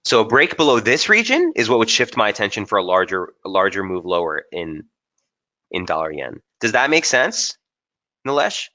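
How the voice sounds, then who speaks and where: Low-voiced man explaining trading charts. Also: big pitch swings, normal speed, sharp tone, lo-fi sound. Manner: casual, thinking aloud with frequent fillers and restarts. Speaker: trading webinar presenter. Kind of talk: live chart analysis webinar.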